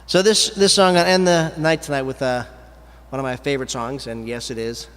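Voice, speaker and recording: A man hosting his own live music show, chatting casually between songs in a rambling, easygoing way with quick asides. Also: mid-range voice, steady tone, a bit bright, long reverb tail, a little hiss or hum.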